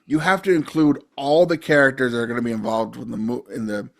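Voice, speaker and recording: A man's voice: mid-range voice, steady tone, fast talker, vocal fry. A man casually discussing a movie on a podcast, explaining his points in a matter-of-fact way. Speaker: podcast co-host.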